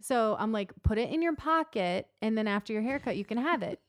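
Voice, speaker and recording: A woman's voice: a little high, a little fast, dry recording. A woman in her thirties chatting casually, telling a story and acting out the people in it. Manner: animated storyteller, acts out quotes. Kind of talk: casual chat.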